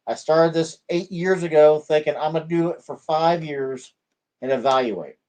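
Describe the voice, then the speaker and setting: A man's voice: fairly high pitch, moderate pace, a little mellow. A man hosts his own channel. He talks in a loose, chatty, upbeat way, full of ums and uhs. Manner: chatty and upbeat, with many fillers. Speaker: channel host. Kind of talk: casual vlog chat.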